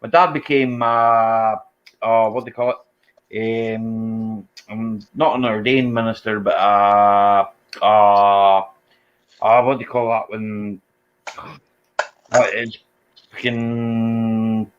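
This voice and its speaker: A man from the Scottish Highlands with a Highland accent, chatting in a relaxed, drawling way and ending his phrases with tag questions. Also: slow, long pauses, muffled recording. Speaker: co-host. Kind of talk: casual chat.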